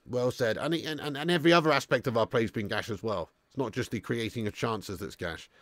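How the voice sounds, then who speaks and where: A man hosting a live football watch-along, commentating as an excitable, swearing fan. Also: mid-range voice, brisk, dry recording.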